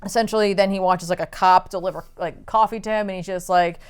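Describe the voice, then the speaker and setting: A woman's voice: fairly low pitch, fast, clean tone. A woman co-hosting a casual chat, recapping a comic book's story and briefly acting out the characters' lines as she goes. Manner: animated storytelling, acting out quotes in passing. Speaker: podcast co-host recapping a comic.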